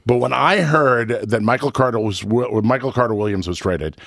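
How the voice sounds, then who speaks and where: A man hosting a radio show, talking in an excitable way that repeats words. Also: mid-range voice, normal speed, creaky, no room sound, studio quality. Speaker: radio morning show host.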